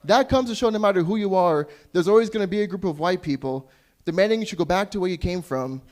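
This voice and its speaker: Speaking fast in a high-sitting male voice, this young Canadian comic works an open mic set in a small club. His material is crude and self-deprecating, and he sometimes loses his way mid-joke.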